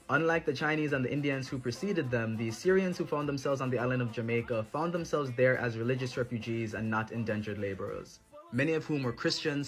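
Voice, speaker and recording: A man reads a scripted history segment in a measured, informative way. His pitch sits in an ordinary middle range. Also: fairly bright tone. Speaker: documentary narrator. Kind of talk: scripted narration.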